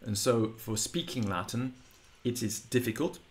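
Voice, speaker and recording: A man who speaks English natively, teaching in a patient, digressive style and slowly drawing out example words. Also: mid-range voice. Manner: patient, digressive explaining with slow drawn-out model words. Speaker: Latin teacher. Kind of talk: explanatory audio lesson.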